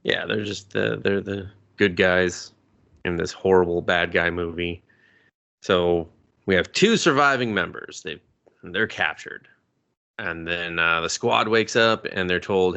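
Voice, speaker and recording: A man co-hosting a podcast, recapping a film in casual, profane chat and jumping up high in pitch for jokes. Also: a little slow, vocal fry, pushed and bright, lo-fi sound. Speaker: podcast co-host. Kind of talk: casual movie review chat.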